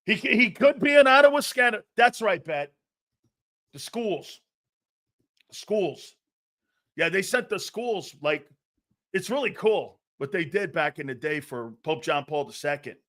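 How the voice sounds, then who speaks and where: A middle-aged man with a high voice hosts a live sports talk stream. He jokes, laughs and bursts out loudly as he reacts to viewer chat, with plenty of fillers. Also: moderate pace. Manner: excitable and jokey, loud outbursts, frequent laughs and fillers. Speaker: sports talk show host.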